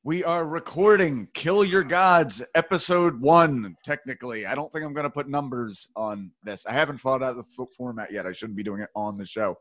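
A man's voice: medium pitch, normal speed, few pauses, fairly bright tone, no echo. A man hosting a podcast in casual, jokey chat, rambling with playful outbursts. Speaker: podcast host.

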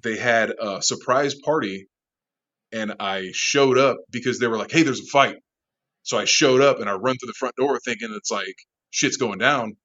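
A lively man spins a wild bar story, laughing through it and cursing freely. His voice sits at an ordinary pitch. The recording is dull and lo-fi. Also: normal speed. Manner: animated, laughing, swearing often. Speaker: interview guest, bar manager. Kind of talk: casual storytelling.

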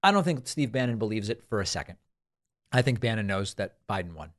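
A man's voice: on the low side, expressive, a little fast. A man hosting a political talk show, delivering an emphatic commentary monologue and repeating phrases for stress.

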